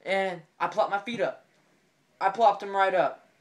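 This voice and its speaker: A man telling a comedic story in an excitable, rambling way, often repeating his phrases. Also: sits high, unhurried.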